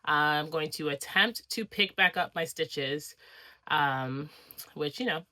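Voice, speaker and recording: A woman's voice: low voice, takes it slowly, pushed and bright, no echo. A woman vlogger talking casually to her camera, chatty and rambling with frequent fillers. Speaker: crafting vlogger. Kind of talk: casual vlog chat.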